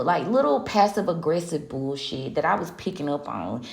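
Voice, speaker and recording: A woman's voice: low voice, very animated, moderate pace, creaky, roomy sound. A woman hosting a live spiritual reading, ranting casually in a sassy, profane way and laughing often. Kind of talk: casual live-stream rant.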